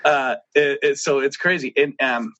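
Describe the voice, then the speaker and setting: A man's voice: mid-range voice, steady tone, normal speed, sharp tone, highs cut off. A man with a Boston accent, a podcast guest telling race stories in casual conversation and laughing often.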